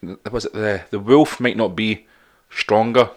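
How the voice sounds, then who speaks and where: A man co-hosting a podcast, teasing and interrupting in casual chat with halting restarts. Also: lowish voice. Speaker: podcast co-host.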